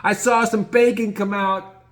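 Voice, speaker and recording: A man's voice: level tone, a little slow. A man voicing a rowdy, drunken grown man who jeers crudely at everyone around him. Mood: gleeful. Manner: loud, high and jeering.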